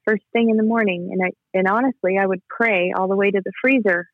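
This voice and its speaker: Guest caller, male, earnest and emotional, flat delivery, phone-line sound. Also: high voice, brisk, dry recording. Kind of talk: personal testimony.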